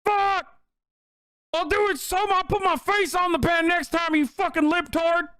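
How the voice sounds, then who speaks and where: A man's voice: little pitch movement, moderate pace, pushed and bright, dry recording, studio quality. A man putting on a whiny, defiant conservative man, mocking him as childish and stubborn. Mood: whining. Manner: mocking, shrill, sneering.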